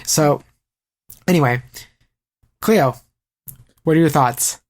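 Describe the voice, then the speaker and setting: Brisk-talking podcast host man. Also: medium pitch, fairly even intonation, a little mellow. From Canada. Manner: brisk, reads quotes aloud with asides. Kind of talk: casual podcast chat.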